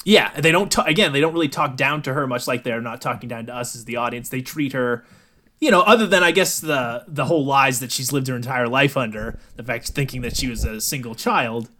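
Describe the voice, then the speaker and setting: A man's voice: medium pitch, a little fast, bright, forceful tone. A man co-hosting a casual movie review chat, laid-back, swearing and tossing in "dude". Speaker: podcast co-host.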